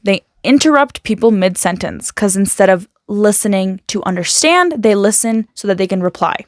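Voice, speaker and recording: A woman talking casually to camera in a motivational vlog, chatty and animated, full of quick asides and filler words. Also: medium pitch, dry recording, clean studio sound, faint music behind. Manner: chatty and talkative, self-described loud. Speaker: motivational vlogger.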